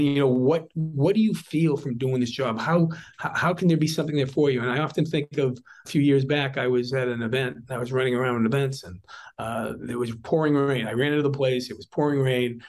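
A man's voice: medium pitch, rough recording. Earnest older man telling stories. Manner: earnest, storytelling with frequent restarts. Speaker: district attorney. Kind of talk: interview talk.

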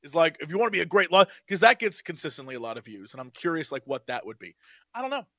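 Man, high bright voice, podcast co-host, eager, dry close sound. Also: very animated, fast, dry recording. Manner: eager and upbeat, laughs often. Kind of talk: casual chat.

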